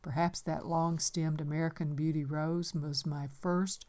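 An older woman gently reading her own memoir aloud in a reflective storytelling manner. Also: deep voice, flat delivery, measured pace.

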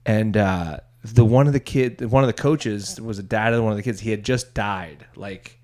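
Rambling young man telling stories. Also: fairly low pitch. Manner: rambling, halting with restarts, bursts into loud impressions. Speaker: stand-up comedian, podcast co-host. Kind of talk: casual storytelling chat.

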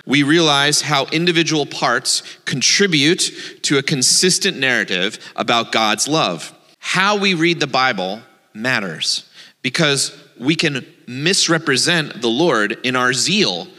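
A man giving a sermon as a rabbi, telling a children's story in an animated way before teaching. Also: medium pitch, big-room sound. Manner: animated storyteller, shifts between playful and earnest.

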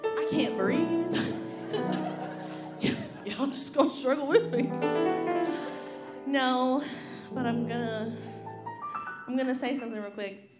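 Congested, tearful high-voiced woman testifying. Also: steady tone, a little slow, pauses often. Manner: candid, laughing through tears. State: pregnant and congested, near tears. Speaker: pastor's wife and singer. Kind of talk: personal testimony before singing. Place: church sanctuary. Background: piano and guitar playing.

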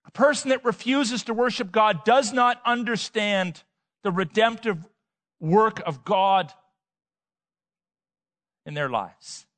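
A man preaching a sermon, emphatic, with rhetorical questions and swings between loud and soft. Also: high voice, slow, long pauses, no echo. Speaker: pastor.

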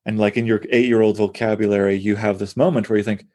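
A man's voice: fairly low pitch, flat delivery, quick pace, a little mellow. A man, a poet, talking through poems in an enthusiastic, thinking-aloud conversational way. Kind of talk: conversational close reading of poetry.

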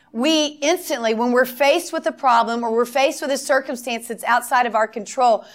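A middle-aged woman preaching a sermon, telling stories and acting out the dialogue with emphatic repetition. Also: high voice.

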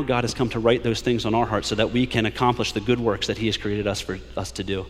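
A man preaching a sermon as a pastor, building to emphatic peaks and slowing down to read scripture aloud. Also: on the low side, flat delivery, long reverb tail. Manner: preaching with rising emphasis, drawn-out scripture quotes. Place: church sanctuary.

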